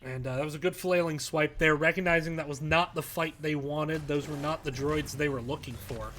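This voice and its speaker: A man giving live play-by-play commentary on an esports match, calm between plays and shouting with excitement at big fights. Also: a little high, brisk, a little hiss or hum. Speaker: esports caster.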